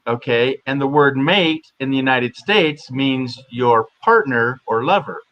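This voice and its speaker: A man's voice: mid-range voice, a little slow, dry recording. A man co-hosting a casual livestream chat, joking and telling little stories with lots of energy. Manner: jokey, animated storyteller. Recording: dull lo-fi audio.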